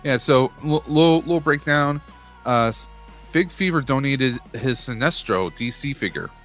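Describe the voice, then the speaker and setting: Relaxed joking man hosting a livestream. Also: mid-range voice, normal speed, soft background music. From Western New York, USA. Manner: relaxed, joking, with some stammered restarts. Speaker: stream host running charity prize wheels. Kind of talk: casual livestream chat.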